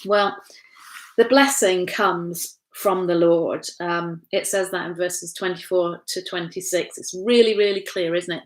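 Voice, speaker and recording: A woman pastor from England teaching an informal Bible study from home. Her voice sits a little low, and she talks in a chatty, conversational way, full of tag questions, fillers and restarts. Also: fairly even intonation, measured pace.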